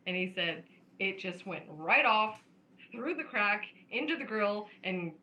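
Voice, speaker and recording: A woman's voice: mid-range voice, expressive, a little slow, bright, forceful tone, dull audio. A woman co-hosting a podcast, chatting casually and laughing often as she tells family stories. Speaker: podcast co-host. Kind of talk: casual chat.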